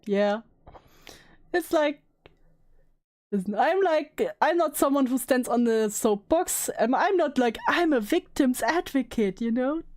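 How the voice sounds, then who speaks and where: A woman's voice: sits high, lively intonation, measured pace, darkish tone. A woman giving casual reaction commentary, sarcastic and swearing, often laughing. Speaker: commentary streamer.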